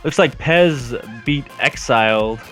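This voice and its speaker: A man's voice: mid-range voice, takes it slowly, pushed and bright, faint music behind. A man co-casting a game tournament in casual chat, with easygoing, brief replies. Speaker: esports caster.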